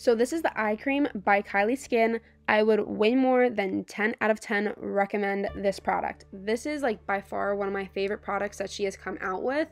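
A woman's voice: medium pitch, moderate pace, creaky, hardly any pauses, faint music behind. A young woman chatting casually in a beauty vlog, talking to the camera with fillers and small laughs. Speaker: beauty vlogger.

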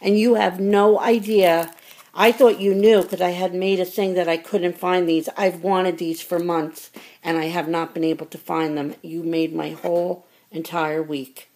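A middle-aged woman vlogger chats casually to camera while opening fan mail, effusive, grateful and easily choked up. Her voice is on the low side, level and a little mellow, at a measured pace.

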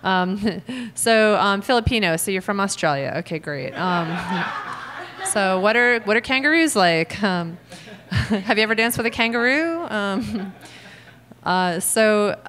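American woman comic, quick joking crowd work, self-mocking, small live room. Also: mid-range voice, expressive, fairly bright tone, slight background noise. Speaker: comedian working the crowd.

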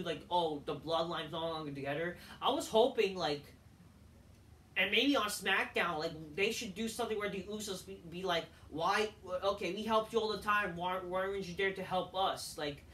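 A man rants through a casual wrestling show review, cursing freely and circling back to the same points. His voice is bright and sharp, and it sits back from the mic in an echoey room with a faint hum behind it. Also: sits high, distant mic. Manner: profane, ranting, repeats himself. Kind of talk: casual solo review rant.

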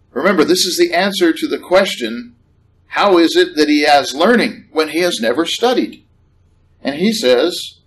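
Conversational male preacher, slightly high voice. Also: low-quality recording. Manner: conversational, animated, rising on questions. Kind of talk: sermon. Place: church hall.

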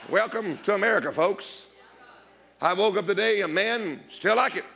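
A middle-aged guest preacher delivers a storytelling sermon, cracking jokes and acting out dialogue with big pitch swings in an animated way. He speaks at a moderate pace with vocal fry, and some chatter can be heard behind him.

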